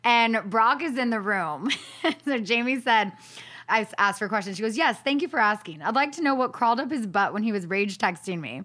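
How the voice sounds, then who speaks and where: A woman's voice: on the high side, a little fast. A woman hosting a podcast, telling stories in casual chat and acting out quotes, with lots of "like". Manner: animated storytelling, acts out quotes, frequent "like". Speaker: podcast host.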